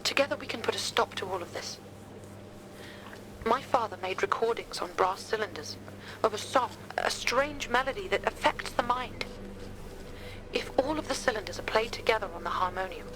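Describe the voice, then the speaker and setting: An actress voicing a frightened young woman hiding in an attic in a game, with a British accent and hushed, pleading, old-fashioned speech. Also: medium pitch, moderate pace, noisy background, lightly acted.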